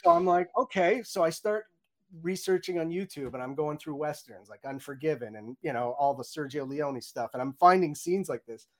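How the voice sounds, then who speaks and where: Man, middle-aged, audio director, lively storyteller, slightly high voice, lots of "you know". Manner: animated, acts out his own reactions in quotes; fast, chatty, many "you know"s and restarts. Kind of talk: candid interview storytelling.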